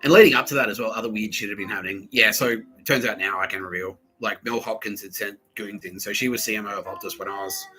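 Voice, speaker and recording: A man hosting a podcast, telling a rambling story in a casual, profane, animated way. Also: lowish voice, fast, hardly any pauses, soft background music, rough recording. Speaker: podcast host.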